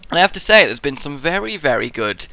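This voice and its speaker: A man's voice: on the high side, big pitch swings, quick pace, gravelly, sharp tone, no room sound. A young man, commentating his own gameplay in a rambling, goofy way, muttering to himself and slipping into silly voices. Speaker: Minecraft let's player.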